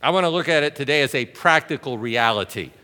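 A man's voice: medium pitch, animated, quick pace, bright, forceful tone. A male pastor preaching a sermon with emphasis, asking the congregation questions and drawing them in. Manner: emphatic preaching with rhetorical questions and audience interaction. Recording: reverberant hall.

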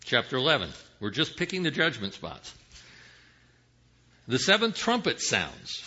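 A man preaching a sermon, teaching Bible passages with rhetorical questions, swinging from hushed asides to emphatic calls. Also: medium pitch, huge pitch swings, measured pace, breathy edge. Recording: dull lo-fi sound.

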